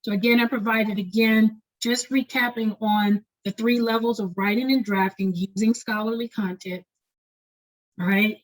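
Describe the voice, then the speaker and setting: A woman leading an online lecture on doctoral writing, talking fast and often checking in with "right?". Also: on the high side, fairly even intonation, rough recording. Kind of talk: webinar lecture.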